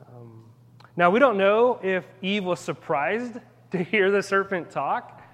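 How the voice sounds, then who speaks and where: A man's voice: high voice, expressive, slow, fairly bright tone, big-room sound. A man preaching a sermon in a casual, conversational way, with rambling asides and frequent restarts. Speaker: pastor.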